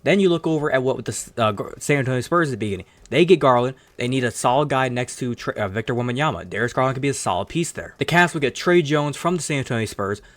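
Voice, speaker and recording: A man's voice: mid-range voice, animated, a bit bright. A man hosting his own sports channel, giving rambling, opinionated commentary in a casual tone and swearing now and then. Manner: fast rambling opinionated talk with some cursing.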